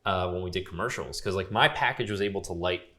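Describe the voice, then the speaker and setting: A young man who works as a grip and gaffer tells a long story as a podcast guest, his low voice fast, bright and forceful. He's laid-back, uses lots of fillers and quotes other people along the way.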